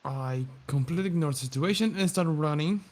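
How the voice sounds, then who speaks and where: A man's voice: a little high, a little fast, darkish tone. A man playing a tabletop game, stating his action tersely with awkward phrasing. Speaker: player.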